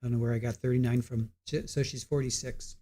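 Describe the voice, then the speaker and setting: Waiting out a break in a court hearing, a livestream host at his home computer chats with viewers in the chat, trailing off and beginning again. He speaks quickly in a mellow, mid-range voice with flat delivery.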